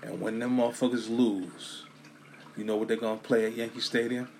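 A man talking casually and profanely about sports fans, swinging between loud bursts and low mutters. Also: fairly even intonation, a little fast. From New York.

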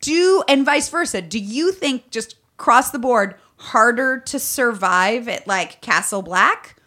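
A middle-aged woman hosting a podcast, chatting casually with a playful, teasing manner and quick joking asides. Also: on the high side, expressive, bright, forceful tone. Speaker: podcast host. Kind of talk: casual chat.

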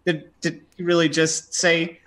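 A man's voice: fairly high pitch, little pitch movement, measured pace, fairly bright tone. A man playing a tabletop game, describing his character's actions in a rambling way. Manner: rambling, many fillers. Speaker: player.

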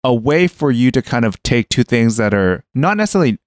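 A man's voice: medium pitch, sing-song, a little fast, no echo, studio quality. A man co-hosting a casual podcast chat, explaining things at length with frequent fillers and restarts. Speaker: podcast co-host.

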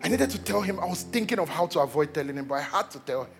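A Nigerian man in his thirties preaching a sermon, telling a lively story, repeating words and acting out what people said. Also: a little high, very fast, gravelly, over music. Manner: animated storytelling, repeats words, acts out quotes. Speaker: pastor.

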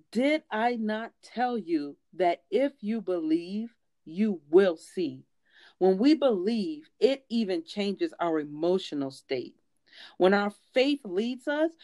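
A woman's voice: mid-range voice, dark tone, no room sound. A woman preaching a sermon in an earnest, emphatic way, with frequent fillers and restarts.

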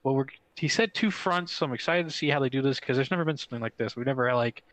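A young man talks games on a podcast, voice close and dry against the mic. He rushes through excited stories full of "like" and the odd swear, his pitch sitting in a middle range. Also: dry recording, rough recording. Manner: excitable, fast storytelling with swearing and many fillers. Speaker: podcast co-host. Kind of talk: casual gaming chat.

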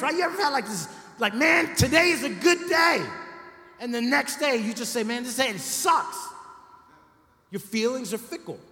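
A man's voice: high-pitched, fairly bright tone. A man preaching a sermon as pastor, talking to the congregation in a conversational way and often checking in with "right?". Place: church sanctuary. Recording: echoey church hall.

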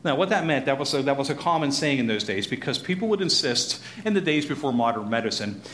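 A man teaching a Bible passage in a conversational way, animated and chuckling as he acts out the crowd. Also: mid-range voice, fast. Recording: echoey room with faint noise.

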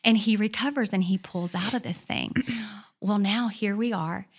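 A woman's voice: mid-range voice, moderate pace. Earnest woman telling a family testimony. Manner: earnest storyteller, drops to a whisper for quoted prayers and builds to fervent. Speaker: guest. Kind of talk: personal testimony in casual talk.

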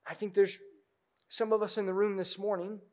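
A high-voiced man delivers a sermon from the pulpit of a church. He drops to near-whispers, then rises to loud, urgent appeals to the congregation. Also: level tone, moderate pace. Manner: dynamic preaching, swings from hushed to loud. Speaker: pastor. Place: church sanctuary.

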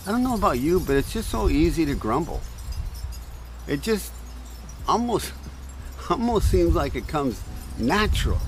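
A man's voice: a little high, very animated, measured pace, darkish tone, soft background music, low-quality recording. A man giving a conversational devotional talk outdoors in a breeze, asking his listeners questions. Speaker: preacher. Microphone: camera on a stand.

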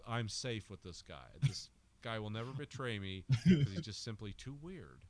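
A man co-hosting a film podcast, rambling and joking, sometimes shouting out quoted lines. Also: on the low side, expressive, normal speed. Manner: rambling, jokey, acts out lines in loud bursts. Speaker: podcast co-host. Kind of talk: casual film discussion.

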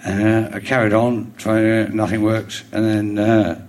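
A man's voice: lowish voice, flat delivery, darkish tone. Rambling London man telling a story. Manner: rambling storyteller, halting restarts, chuckles through his stories. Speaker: comedian guest. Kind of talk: live stage interview, telling an anecdote. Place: stage before a live audience.

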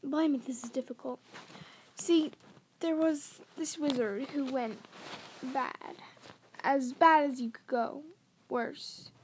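A woman reading the part of a huge, gruff but kindly male groundskeeper, in a rough, folksy, blustering way. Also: high voice, takes it slowly, pauses often, a little hiss or hum. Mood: earnest.

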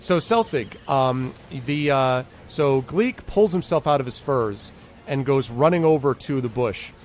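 Animated rambling male game master. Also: medium pitch, a little slow, slight background noise. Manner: rambling, hesitant, with many fillers. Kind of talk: narrating a tabletop game.

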